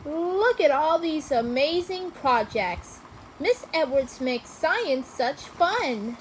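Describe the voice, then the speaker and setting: A woman voicing a cheerful, literal-minded housekeeper who talks in bright, eager exclamations for a storybook reading. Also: sits high, animated, slow, slight background noise, rough recording.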